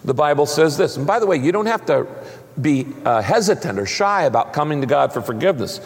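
Male pastor preaching, gravelly kinda high voice, big hall reverb. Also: very animated, a little fast. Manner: emphatic preaching with dramatic pitch swings. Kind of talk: sermon. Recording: long reverb of a large hall.

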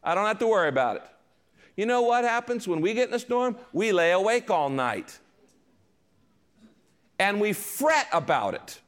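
A man's voice: sits high, normal speed, pauses often. An older man preaching a sermon as a pastor, telling stories and acting out quoted voices along the way. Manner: animated storytelling with quoted voices.

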